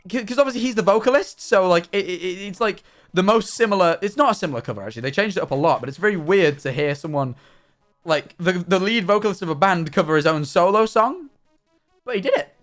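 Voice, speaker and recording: Man, game streamer, casual rambling chat, lively pitch, slightly higher voice, faint music behind. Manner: rambling, chatty, many restarts and fillers. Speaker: live streamer.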